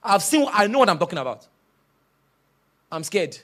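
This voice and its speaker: A male preacher delivers a sermon with a high voice that swings widely in pitch. His tone is bright and forceful, and he tells his stories with plenty of animation. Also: normal speed. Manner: animated storytelling, shouting and laughing.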